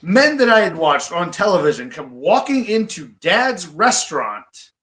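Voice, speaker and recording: A man in his forties from Iowa, a pro wrestler, telling stories as a podcast guest in an animated way. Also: high voice, roomy sound, low-quality recording. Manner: animated, quick to laugh. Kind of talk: casual storytelling. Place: studio.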